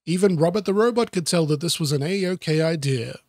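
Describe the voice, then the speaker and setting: A man with a fairly high voice reads a children's picture book aloud and breaks off for deadpan, sarcastic asides aimed at himself. The recording is close and dry, with no room sound. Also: brisk, no room sound. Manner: deadpan, self-mocking asides. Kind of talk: sarcastic comedic book reading.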